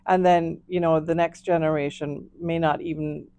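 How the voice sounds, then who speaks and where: A Jamaican woman being interviewed as an author, speaking in a measured, reflective way. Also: low voice, flat delivery, warm tone, dry recording. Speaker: author guest. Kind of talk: interview conversation.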